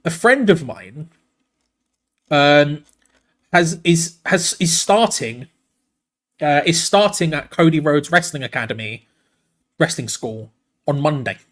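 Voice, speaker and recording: A man hosting a live football watch-along. He calls the play excitedly and breaks off to answer viewers in the chat. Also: a little high, slow pace, pauses often. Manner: excitable, chatty, jumps between play-by-play and reading comments. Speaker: watch-along host and commentator.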